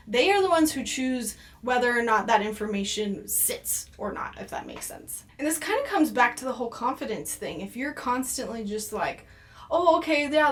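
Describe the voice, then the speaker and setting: A young woman talks casually to her viewers, giving advice on doing psychic readings. Her voice sits a little high, and her talk is loose and chatty, full of ums and likes.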